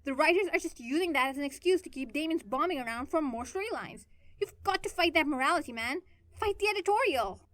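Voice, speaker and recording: A woman's voice: brisk, few pauses, a bit bright. A woman reading fan fiction aloud, voicing a bitter, brash young female antihero who snaps and rants. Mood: mocking. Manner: shrill, ranting and snappish.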